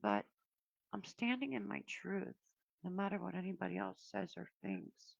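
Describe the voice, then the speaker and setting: A woman giving a casual spiritual card reading to her viewers, talking in a meandering, reflective way with many pauses. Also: medium pitch, very animated, gravelly, dry recording, muffled recording. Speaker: oracle card reader.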